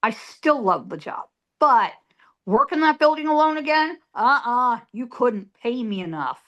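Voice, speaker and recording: A woman's voice: fairly high pitch, big pitch swings, a little slow, dull audio. A middle-aged woman, a psychic medium, telling a story as an interview guest in an emphatic way, repeating words for effect.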